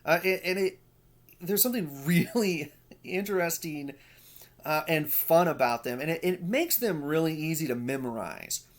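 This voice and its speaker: A man's voice: fairly high pitch, animated, normal speed. A male lecturer explaining poetic forms step by step, with frequent fillers and restarts. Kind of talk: recorded lecture.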